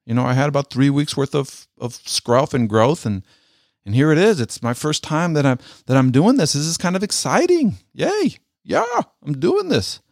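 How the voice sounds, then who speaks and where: A middle-aged man, a military veteran, telling a personal story in an earnest, halting way and often repeating his words. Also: mid-range voice, darkish tone, no room sound, clean studio sound.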